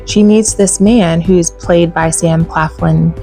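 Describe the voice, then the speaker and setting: Chatty woman with a gravelly, low voice. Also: slow, soft background music. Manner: chatty and animated, laughs often, frequent "like". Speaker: podcast host. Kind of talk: casual solo chat. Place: home.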